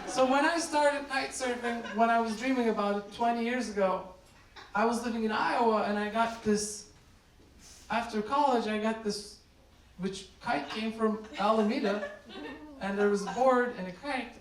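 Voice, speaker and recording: Performing stand-up on a comedy club stage, a Turkish man with a very high voice tells deadpan stories, voices the people he quotes and works the crowd. The live sound is roomy with a distant mic, crowd noise and audience laughter.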